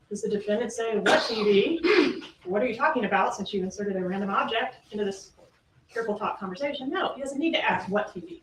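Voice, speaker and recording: A woman's voice: a little high, slight background noise. A woman prosecutor giving a courtroom closing argument, emphatic and full of rhetorical questions. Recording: echoey room, distant mic, faint ambience.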